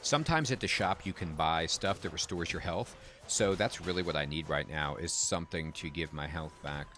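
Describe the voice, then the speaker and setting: A man's voice: sits low, moderate pace, a bit bright, slight background noise. A man giving casual, chatty commentary while playing a video game and reacting aloud to the action. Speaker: game streamer.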